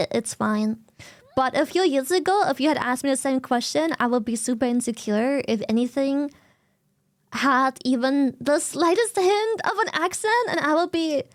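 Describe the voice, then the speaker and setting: A native German speaker, a woman with a German accent, chats casually on stream in a lively, slang-heavy way and swears a lot. Her voice sits high, and the recording is dry with clean studio sound.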